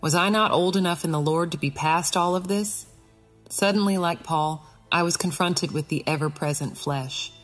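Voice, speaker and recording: A woman narrating a Christian allegorical audiobook in the first person, earnest and expressive. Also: on the low side, moderate pace, faint music behind.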